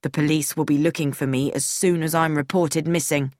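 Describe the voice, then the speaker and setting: A woman's voice: low voice, steady tone, fairly quick, darkish tone, dry recording, clean studio sound, natural voice. A woman voicing a captured older man, wry and indignant, in an audiobook reading.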